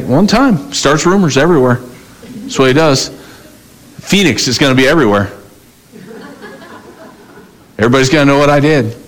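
Male pastor mid-sermon; animated storyteller who plays out conversations, voice a bit high and swooping. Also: rough recording. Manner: animated storytelling, acting out both sides of conversations.

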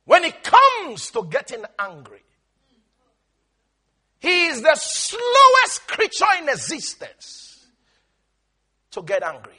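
A male pastor preaching a sermon, emphatic, stretching his words out and breaking into shouts. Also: extremely high pitch, huge pitch swings, slow pace, pauses often.

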